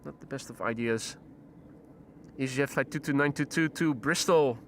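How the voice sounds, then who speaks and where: A man's voice: mid-range voice, moderate pace, a bit bright, a little hiss or hum. A man hosting a live plane-spotting stream outdoors, chatting casually with viewers and using frequent fillers. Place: outdoors near airport runway.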